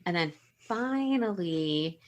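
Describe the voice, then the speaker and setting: A woman's voice: fairly low pitch, lively intonation, slow. A young woman hosting a casual book chat, gushing and laughing often as she reads favorite passages aloud. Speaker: book podcast host.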